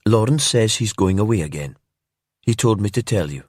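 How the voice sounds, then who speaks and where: A man voices a brooding older woman from a remote island in a calm storybook crime tale. He speaks softly and hesitantly in a lifted voice, yet with an insistent mood. His pitch is fairly low and his pace moderate, and the studio-quality recording has no echo.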